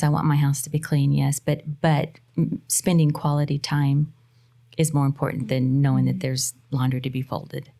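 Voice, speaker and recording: Brief: middle-aged woman, low gravelly voice, earnest motherly guest on a casual podcast. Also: dark tone.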